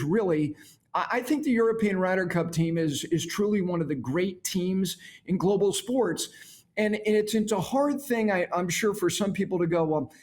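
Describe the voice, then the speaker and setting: A man's voice: sits high, darkish tone. A middle-aged man hosting a golf talk show, delivering an emphatic studio monologue that repeats key words to drive points home.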